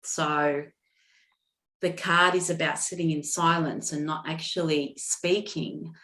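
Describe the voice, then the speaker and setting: A woman giving an intuitive card reading on a video call, speaking gently with many pauses and restarts. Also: deep voice, fairly even intonation, roomy sound. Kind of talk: live online card reading.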